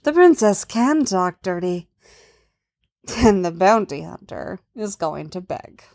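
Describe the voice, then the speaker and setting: Slow, soft-spoken woman narrator. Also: mid-range voice, big pitch swings, creaky. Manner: soft, intimate, unhurried. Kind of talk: storybook narration.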